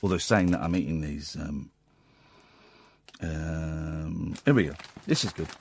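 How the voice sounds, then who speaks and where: A man's voice: rumbling low, unhurried, gravelly, slight background noise. A man hosting a late-night radio show, rambling and sardonic, with bursts of mock outrage. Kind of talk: casual talk radio monologue. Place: radio studio. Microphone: studio microphone.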